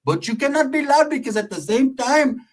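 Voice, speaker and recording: A man's voice: very high-pitched, animated, moderate pace, pitched above the performer's own voice. A man voicing a stern motel manager who scolds his guests, mixing polite phrases with insults. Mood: scolding.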